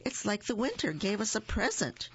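A storybook reader voicing a small, sweet, friendly mouse in a raised, gentle voice. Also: medium pitch, sing-song, normal speed, slightly rough, highs cut off, voice pushed up, full character voice. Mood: cheerful.

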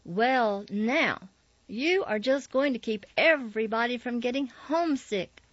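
A woman's voice: fairly high pitch, lively intonation, measured pace, no echo. A woman voicing a stern older woman who runs a dormitory and scolds in a commanding way. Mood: dry. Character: stern, harsh older woman house mother. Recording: slightly dull, dry recording.

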